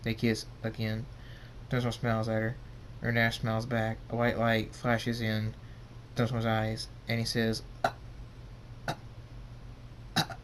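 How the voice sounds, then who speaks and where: A man reading a pony fan story aloud as narrator, halting and correcting himself as he goes. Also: on the low side, monotone, slight background noise. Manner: halting, stumbling and self-correcting.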